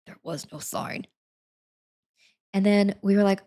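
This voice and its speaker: A woman's voice: medium pitch, steady tone, a little slow, long pauses, dark tone. A young woman streamer telling a story in casual chat, full of fillers, acting out what people said. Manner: chatty, many fillers, acts out quotes.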